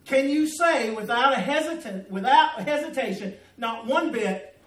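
A man's voice: extremely high pitch, animated, unhurried, a bit bright, echoey room, distant mic, poor audio. A middle-aged man preaching a sermon as pastor, folksy and humorous, calling out to his congregation. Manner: folksy preaching with humor and audience call-outs. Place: church sanctuary.

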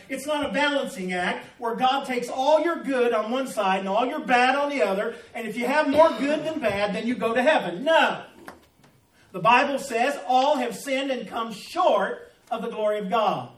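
A man's voice: extremely high pitch, fairly bright tone, echoey room, recorded from a distance, poor audio. A middle-aged man preaching a sermon as pastor, folksy and humorous, calling out to his congregation. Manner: folksy preaching with humor and audience call-outs. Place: church sanctuary.

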